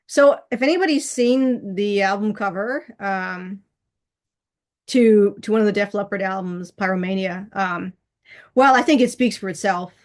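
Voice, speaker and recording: A middle-aged woman hosting her own vlog, chatting casually in a rambling way with frequent restarts and laughs. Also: mid-range voice. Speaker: channel host.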